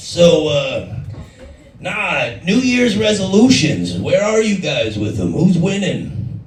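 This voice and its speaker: A man with a raspy voice doing a brash, crude stand-up comedy set in a bar. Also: a little high, sing-song, takes it slowly. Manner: brash, crude, swears freely. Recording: echoey room from far off.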